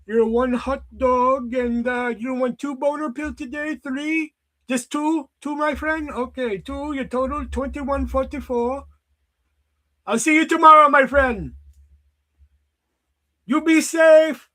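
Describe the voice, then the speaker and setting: A man's voice: extremely high pitch, steady tone, slow, sharp tone, voice pushed up, full character voice, low-quality recording. A man voicing an overly friendly male convenience store clerk with a put-on British accent, fawning and singsong.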